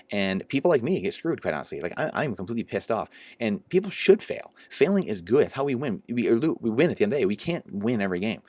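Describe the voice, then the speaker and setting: An angry man delivering a solo rant to camera in a low voice, words tumbling out fast and hot. He sounds indignant and emphatic throughout. The room is dry and close, with no echo. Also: a little mellow. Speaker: investing vlogger.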